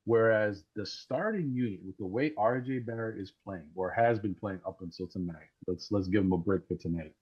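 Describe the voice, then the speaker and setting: An eager man calling in to a live fan show over a voice chat. His voice sits fairly low and comes through dull and lo-fi. He rambles excitedly, stumbling and repeating words as he goes. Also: normal speed, hardly any pauses, slightly rough. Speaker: caller. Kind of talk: casual call-in sports talk. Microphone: Discord voice call. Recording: dull lo-fi call audio.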